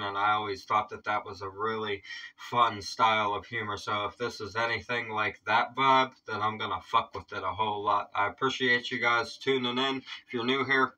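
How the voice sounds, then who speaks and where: Chill guy reacting to comedy, swears a lot, bright voice, bit far from the mic. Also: lowish voice. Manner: laid-back, chatty, swears casually. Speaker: reaction video host. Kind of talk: casual reaction commentary.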